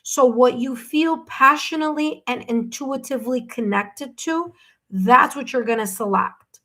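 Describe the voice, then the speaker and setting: Soft-spoken woman giving a tarot reading. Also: high-pitched, a little slow. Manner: gentle, reassuring, says "okay?" and "my dear" often. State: hiccups. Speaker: tarot reader. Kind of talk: live-stream reading.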